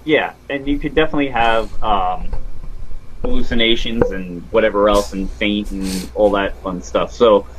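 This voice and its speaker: A man with a low-ish voice and moderate pace co-hosts a casual paranormal podcast over a remote call, chatting as on a live stream. He reads news and viewer comments in a dry, exasperated tone, over a muffled connection with slight hiss or hum.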